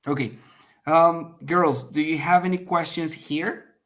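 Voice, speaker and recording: A man teaches an online test prep class in a fairly high, steady, slightly slow voice. He works through the material step by step, keeps asking "okay?", and delivers example lines with sharp emphasis.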